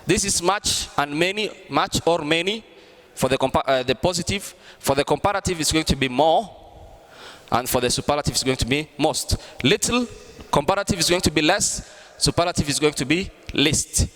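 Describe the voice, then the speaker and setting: A man teaching an online grammar lesson, explaining slowly and repeating himself. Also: on the high side, lively intonation, fairly bright tone, in a large hall. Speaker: English teacher.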